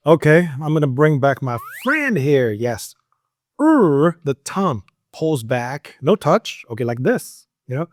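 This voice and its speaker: A man who is not a native English speaker, teaching English pronunciation in a lively, coaching way with many fillers. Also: on the high side, a little slow, no room sound, studio quality. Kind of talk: pronunciation lesson.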